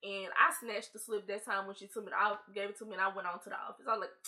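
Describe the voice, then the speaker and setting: A young woman vlogger telling a casual story in an animated, slangy way, acting out the people in it. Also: medium pitch, rapid-fire, hardly any pauses.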